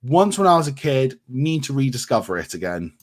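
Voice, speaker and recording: A man from England hosts a casual livestream and answers viewer questions one after another. He talks in a friendly, rambling way and fills his pauses with plenty of ums. His voice sits at an average pitch for a man. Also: big pitch swings. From England, grew up around Milton Keynes. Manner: friendly, chatty, many ums, reads comments aloud. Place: home in North Yorkshire.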